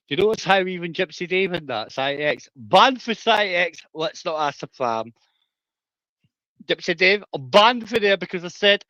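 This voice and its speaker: A man's voice: high-pitched, animated, normal speed, fairly bright tone, no echo, lo-fi sound. A man ranting on a livestream, rambling and conspiratorial, with crude language.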